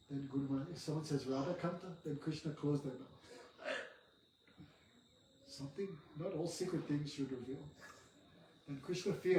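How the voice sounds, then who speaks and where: A man's voice: on the high side, normal speed, pauses often, dark tone, recorded from a distance, slight background noise. A man giving a devotional class, asking rhetorical questions and often checking in with "no?". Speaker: spiritual teacher. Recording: echoey room, voice from afar, faint music.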